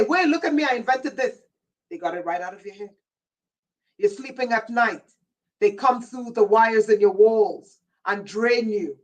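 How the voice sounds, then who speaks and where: A woman's voice: medium pitch, far from the mic, rough recording. A woman hosting a livestream, delivering a rambling, intense monologue in a warning tone and answering viewers' chat comments by name. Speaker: livestream host.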